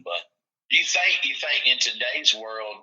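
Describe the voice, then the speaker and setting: A man's voice: mid-range voice, lively intonation, measured pace, bright, forceful tone, highs cut off. A man from Tennessee, a football coach, telling folksy stories in a casual chat and acting out the quotes.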